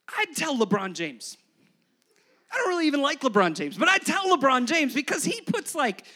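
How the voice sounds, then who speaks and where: A man preaching a Christmas Eve sermon, animated and playful, speaking to the kids and parents in the room. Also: high-pitched. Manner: animated, playful asides to children. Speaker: pastor.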